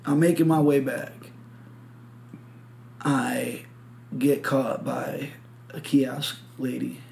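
A man's voice: mid-range voice, steady tone, very slow, creaky, a little mellow, slight background noise. A man from Michigan hosting a podcast, telling a rambling story full of swearing and acted-out quotes. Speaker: podcast host. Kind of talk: casual chat.

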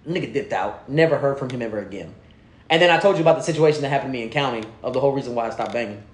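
A man telling stories in casual, slang-heavy chat. He is animated, laughs through the funny parts and drops low and quiet when he quotes other people. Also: rapid-fire. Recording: roomy echo.

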